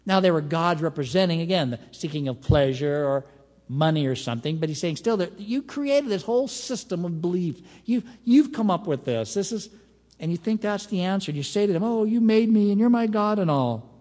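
Higher-voiced man preaching in a hall. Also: lively intonation, a little fast, a little mellow. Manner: conversational teaching with emphatic rises. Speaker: pastor. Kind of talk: expository Bible sermon. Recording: long hall reverb.

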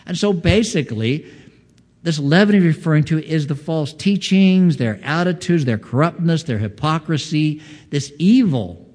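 A man's voice: on the high side, expressive, normal speed, darkish tone. Man, pastor, expository sermon, earnest teaching tone, rhetorical questions, long hall reverb.

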